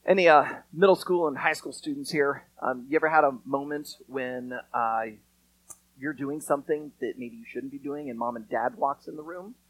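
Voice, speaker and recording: Male pastor mid-sermon, relaxed and chatty but earnest, with a wry sarcastic edge. Close, dry sound, mid-range voice. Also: medium pitch, normal speed, no echo, low-quality recording.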